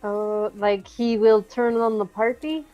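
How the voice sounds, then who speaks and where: A woman's voice: medium pitch, steady tone, slow pace, soft background music. Hesitant woman player, dull lo-fi audio. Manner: hesitant, with stammers and restarts. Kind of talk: in-character tabletop role-play.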